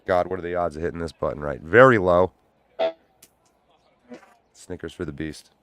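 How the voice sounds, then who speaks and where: A man hosting a livestream in loose, profane, casual chat, breaking into loud laughs. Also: low-pitched, moderate pace, no echo. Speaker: livestream host.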